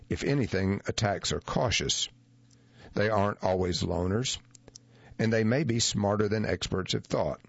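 A man reading a nonfiction article aloud as scripted narration, in a measured, even manner. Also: deep voice, no echo. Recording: dull lo-fi dry recording.

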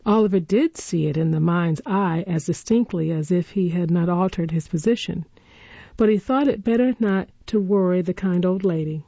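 Low, mellow woman reading a storybook. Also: moderate pace, gravelly, no room sound. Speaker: audiobook narrator. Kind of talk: storybook narration. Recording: dull, dry lo-fi recording.

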